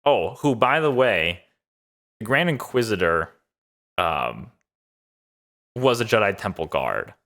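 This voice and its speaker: A man's voice: on the low side, big pitch swings, slow, pauses often, a bit bright. A man casually recapping and reviewing a TV episode, upbeat and rambling with lots of fillers. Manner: enthusiastic, loose with many fillers. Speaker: show reviewer.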